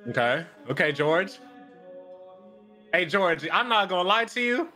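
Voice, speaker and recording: A man's voice: high-pitched, lively intonation, unhurried, pushed and bright, faint music behind. A man co-streaming a game, casually insistent and playful, repeating his points.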